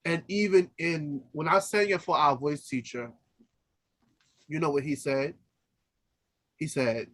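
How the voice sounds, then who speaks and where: A man's voice: on the high side, a little slow, long pauses, a bit bright. A man who is an opera singer, co-hosting a podcast in casual chat, laughing easily and trailing off and restarting as he tells stories. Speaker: podcast co-host.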